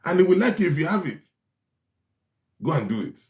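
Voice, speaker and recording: A man giving forceful relationship advice, often repeating his lines for stress. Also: on the high side, very animated, a little fast. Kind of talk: preachy advice talk. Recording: echoey room.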